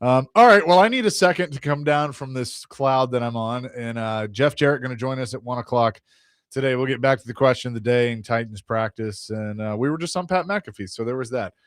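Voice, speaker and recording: A man's voice: mid-range voice, brisk, no room sound, clean studio sound. Easygoing male sports radio co-host. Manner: easygoing, chuckles often. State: sore voice from shouting. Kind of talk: casual sports radio banter.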